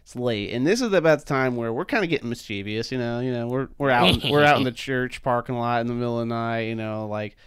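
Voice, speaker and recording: Young guy rambling thru stories, swears a ton, says dude constantly, smooth clear voice, dry close mic. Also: mid-range voice, fast, hardly any pauses, dry recording. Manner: rambling, swears a lot, heavy fillers like "dude" and "man". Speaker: podcast co-host. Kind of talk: casual chat, storytelling.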